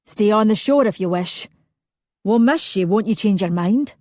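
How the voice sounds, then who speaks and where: A woman's voice: mid-range voice, expressive, normal speed, warm tone, dry recording, clean studio sound, close to an everyday voice. A woman voicing a smug older brother who speaks in a mocking, self-assured way. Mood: taunting.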